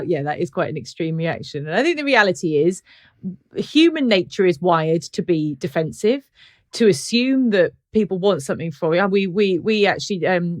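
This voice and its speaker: A woman co-hosting a podcast, chatting casually and acting out the people in her stories. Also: on the low side. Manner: animated storyteller, acts out quoted people. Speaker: podcast co-host. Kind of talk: casual chat.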